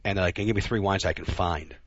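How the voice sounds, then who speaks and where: Low-voiced male podcast co-host, rambling casual talker. Dry, dull lo-fi recording. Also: fast talker, dry recording. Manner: rambling, lots of restarts and fillers. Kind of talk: casual chat.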